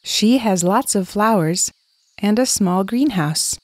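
Slow woman narrating picture vocabulary. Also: mid-range voice, lively intonation, no room sound. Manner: clear, repeats single words. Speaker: English teacher.

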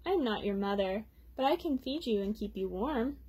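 A woman voicing a gentle, caring female polar bear in a picture-book read-aloud, speaking calmly and soothingly. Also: fairly high pitch, moderate pace, breathy edge, low-quality recording.

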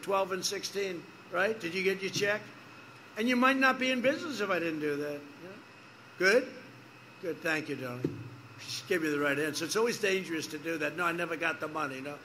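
A man's voice: sits high, sharp tone, a little hiss or hum. A man gives a rambling, repetitive campaign rally speech outdoors, making emphatic asides to the crowd. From United States. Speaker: politician speaking at a rally.

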